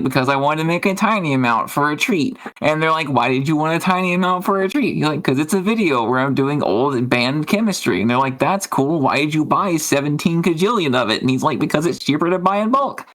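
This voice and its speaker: A woman streamer chatting casually, rambling and giggling as she retells stories and acts out quotes. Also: sits low. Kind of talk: casual chat.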